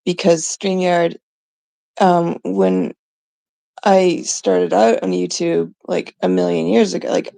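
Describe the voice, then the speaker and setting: A woman's voice: on the low side, vocal fry, dark tone, no echo. A middle-aged woman from Canada ranting casually and profanely to her viewers. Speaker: vlogger. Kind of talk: casual rant to camera.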